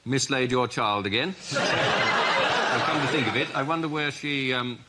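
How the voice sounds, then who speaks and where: A man's voice: medium pitch, measured pace, close to an everyday voice. A man playing a posh, awkward British prime minister, plummy and flustered. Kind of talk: improvised comedy sketch. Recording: noisy studio with audience laughter.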